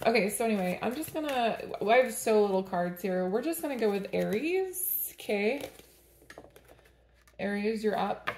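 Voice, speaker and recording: A woman rambles through a casual tarot reading, chatting freely and laughing between the cards. Her voice has a gravelly, fry-tinged texture at a middle pitch. The room around her sounds echoey. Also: darkish tone, slight background noise. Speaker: tarot reader.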